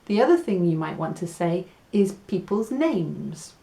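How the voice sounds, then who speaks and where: A woman teaching a casual beginner Spanish lesson, chatty and laughing at her own jokes, slowing down on the Spanish words. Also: on the low side, sing-song, vocal fry, warm tone.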